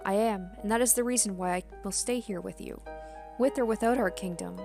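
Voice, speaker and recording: A woman reading aloud the firm, calm lines of a stern girl companion from a game. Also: mid-range voice, brisk, music in the background, natural voice.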